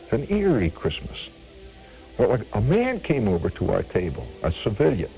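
An older man from Indiana recalls a wartime memory with a gravelly, lively voice that swings up and down, often restarting his phrases. The radio recording sounds dull and lo-fi, with faint music underneath. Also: lowish voice, normal speed. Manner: animated reminiscing, restarts phrases. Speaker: storyteller. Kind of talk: personal war memory told on radio.

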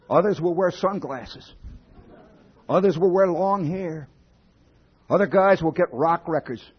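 Man, husky raspy voice, slightly high, wry and profane, dull lo-fi recording. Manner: wry, profane, building to loud outbursts. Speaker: humorist speaking to an audience. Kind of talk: comic storytelling talk.

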